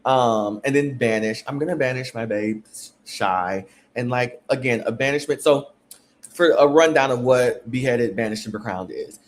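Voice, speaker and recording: A man's voice: medium pitch, moderate pace, slight background noise. A man hosting a casual reality TV recap, chatty and rambling with lots of fillers. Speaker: podcast host.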